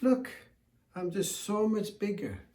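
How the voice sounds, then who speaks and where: A man's voice: sits high, sing-song, slow pace, darkish tone, pitched above the performer's own voice, exaggerated voice. A man voicing a huge, proud male elephant who speaks in an indignant, boastful way in a folk tale. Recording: echoey room.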